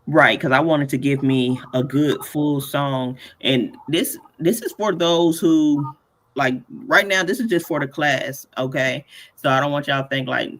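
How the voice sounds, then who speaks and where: A man's voice: a little high, measured pace, fairly bright tone. A man hosting a casual live tutorial, chatty and playful, often laughing between points. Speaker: workshop host.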